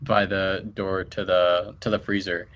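Casting: young man, low voice, halting casual delivery with restarts. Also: little pitch movement, fairly bright tone. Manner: hesitant, repeats words, thinking aloud. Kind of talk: casual movie discussion.

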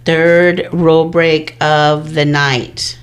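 A woman's voice: low-pitched, little pitch movement, drawn-out words. A woman co-hosting a casual podcast, recapping a reality show with many fillers. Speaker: podcast co-host.

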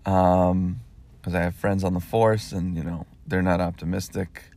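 A man's voice: low voice, flat delivery, moderate pace, warm tone. An American man hosting a podcast, talking in a loose, rambling monologue, often repeating himself and swearing when he gets worked up. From United States. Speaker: podcast host.

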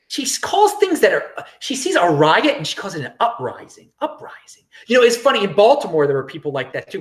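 A man hosting his own cryptocurrency show, talking in a sarcastic, rambling way with frequent restarts and chuckles. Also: high voice. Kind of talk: casual livestream commentary.

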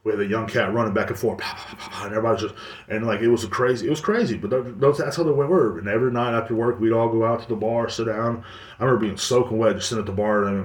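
A man's voice: fairly low pitch, fast talker. A man hosting a podcast, telling a long story in a casual, rambling, profane way. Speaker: podcast host. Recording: roomy, distant mic.

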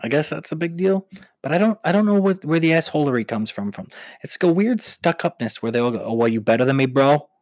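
A man's voice: on the high side, animated, fast talker, darkish tone, no room sound. A man from Long Island hosting a podcast and riffing through a profane, sarcastic comedic rant. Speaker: podcast host.

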